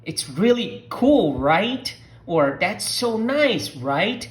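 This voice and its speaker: A Portuguese speaker from Brazil, teaching a slow language lesson and patiently repeating words for learners to copy. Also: medium pitch, sing-song, fairly bright tone.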